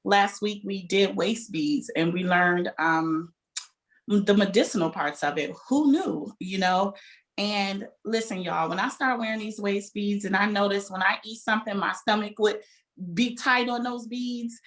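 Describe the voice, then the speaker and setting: Woman, bookstore owner, heartfelt and lively interview talk. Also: medium pitch, measured pace. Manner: animated, heartfelt storytelling.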